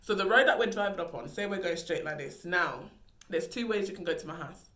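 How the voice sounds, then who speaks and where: A woman's voice: fairly low pitch, expressive, a little fast, bright, forceful tone. A young woman vlogger telling a story in a casual, dramatic, slangy way. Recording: echoey room.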